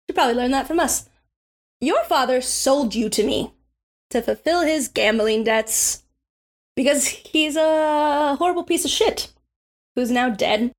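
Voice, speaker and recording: A theatrical space pirate captain, smug and condescending, who calls people darling. The voice sits high. A woman gives her voice as the game master.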